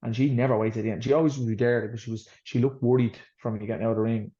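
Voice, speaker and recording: A man's voice: medium pitch, steady tone, racing, warm tone. An Irish boxer telling his story in an interview, blunt and swearing freely, rambling as he goes. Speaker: boxer, guest. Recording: slightly dull lo-fi sound.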